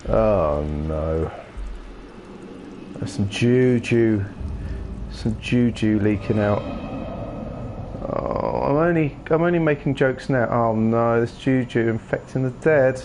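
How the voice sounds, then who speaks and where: A man's voice: mid-range voice, slow pace, long pauses, a little mellow, slight background noise. A man giving casual, jokey game commentary with rambling, playful asides. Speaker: gaming streamer.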